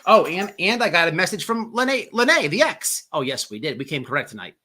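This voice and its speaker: Casual male livestream host, swears freely, trips over repeated words, bright timbre. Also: high-pitched, big pitch swings, fairly quick. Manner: rambling, profane, repeats words.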